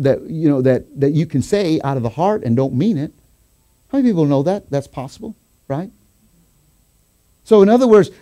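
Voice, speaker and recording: A man preaching a sermon as pastor, telling a story with quoted voices and rising to excited shouts. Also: medium pitch. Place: church sanctuary.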